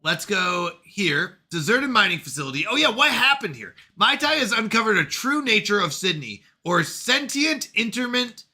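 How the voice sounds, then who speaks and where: Game-streamer guy, high, very bright voice, lively pitch, self-scolding commentary. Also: moderate pace, few pauses. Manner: animated, scolds himself over mistakes. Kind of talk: let's play commentary.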